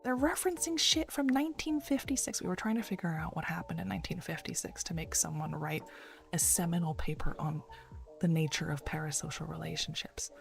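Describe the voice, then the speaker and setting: A woman streaming in a hushed, half-whispered morning voice, reading an academic paper aloud in a soft ASMR style and chatting casually in between. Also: deep voice, fairly even intonation, a little fast, creaky. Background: faint background music.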